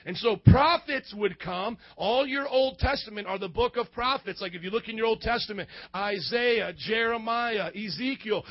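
High-voiced man preaching call-and-response. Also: no room sound, lo-fi sound. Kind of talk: sermon.

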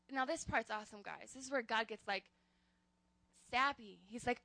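A young woman delivers a casual sermon in a high, bright voice. She speaks with earnest, animated conviction and keeps calling her listeners "guys." The sound is dry and close. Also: normal speed, no echo. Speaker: youth preacher.

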